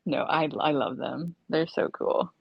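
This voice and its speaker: A woman co-hosting a podcast in relaxed casual chat, using words like dude. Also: sits low, a little slow, vocal fry, slightly rough, no echo, muffled recording. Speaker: podcast co-host.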